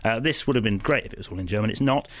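Fast-talking film critic. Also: male voice, lowish voice, no echo. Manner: rambling, opinionated, many restarts. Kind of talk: casual radio film review chat.

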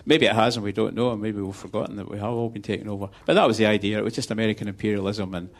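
A man guest talking casually and hesitantly about his film, rambling with pauses and restarts. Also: lowish voice, fairly even intonation. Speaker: guest filmmaker. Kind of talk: casual chat on a live show.

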